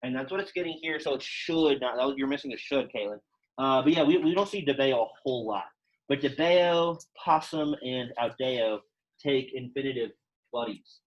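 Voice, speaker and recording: A man's voice: mid-range voice, moderate pace, dull audio. A young man teaching a Latin class, explaining grammar in a chatty, informal way full of fillers, speaking to a classroom and online students. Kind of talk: classroom lesson, casual explaining.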